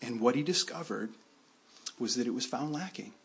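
A man's voice: medium pitch, lively intonation, normal speed, vocal fry, a bit bright, slightly rough. A man preaching a sermon in a conversational way, often restarting his sentences. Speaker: pastor.

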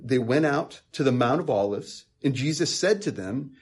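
A male preacher in a conversational sermon, his voice husky and a little breathy. He talks earnestly, repeats words as he works through a thought, then climbs into emphatic, passionate peaks. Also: mid-range voice, animated, moderate pace. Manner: repeats words while thinking aloud.

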